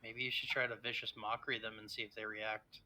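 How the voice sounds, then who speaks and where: A man's voice: fairly low pitch, level tone, fast, pushed and bright. A man joking around as a player in a tabletop role-playing game.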